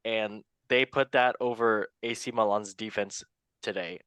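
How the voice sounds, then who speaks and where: A man's voice: on the low side, fairly even intonation, a little slow, a bit bright, smooth, dry recording. A man hosting a football news show in a casual, rambling, joking way with self-mocking asides. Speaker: show host.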